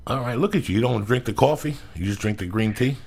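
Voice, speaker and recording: A male podcast host telling a profane, blunt, animated story. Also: medium pitch, fast, creaky, husky.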